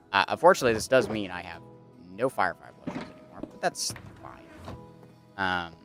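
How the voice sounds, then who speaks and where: A man's voice: on the low side, a bit bright, clear, resonant tone. A man streaming a game, chatting casually and rambling with many fillers. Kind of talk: casual commentary while gaming.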